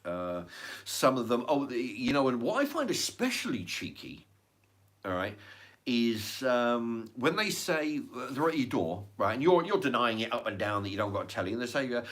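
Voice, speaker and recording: At a normal speed, a middle-aged English channel host goes off on a meandering rant loaded with swearing, fillers and false starts. His mid-range, slightly bright voice moves through big swings in pitch.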